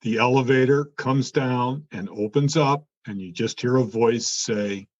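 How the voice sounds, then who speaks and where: A man's voice: medium pitch, a little slow. An older man, a former car executive, telling an anecdote in an interview and acting out the quoted dialogue. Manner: animated, acts out quoted dialogue. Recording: dull lo-fi sound.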